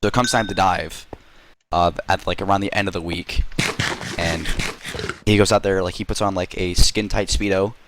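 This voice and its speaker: Man telling a rambling tall tale to gaming friends; lower voice, noisy voice chat. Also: steady tone, moderate pace. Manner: rambling, full of fillers and swearing. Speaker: gamer telling a story. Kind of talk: casual story-telling in voice chat.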